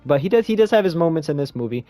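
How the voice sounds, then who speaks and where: A man's voice: animated, rapid-fire, dark tone, dry recording, soft background music. A young man giving a rambling, slangy spoken movie review in a casual chat style. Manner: rambling, slangy, jumps into high squeaky voice when quoting himself.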